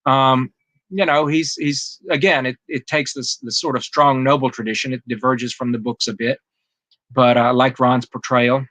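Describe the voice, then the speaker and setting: Man, guest author, earnest, measured, mid-pitched, dry sound. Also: fairly even intonation, fairly bright tone, no echo. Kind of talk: interview conversation.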